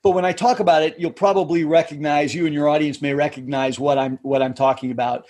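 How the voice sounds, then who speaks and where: A middle-aged man, a communications coach, explaining his points in a measured way during a podcast interview, often restarting his phrases. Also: fairly high pitch, steady tone, darkish tone. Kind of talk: conversational interview answers.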